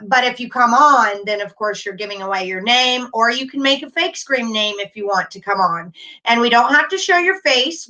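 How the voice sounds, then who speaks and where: A middle-aged woman hosting a casual livestream, talking warmly and reassuringly while reading chat comments aloud. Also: a little high. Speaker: livestream host.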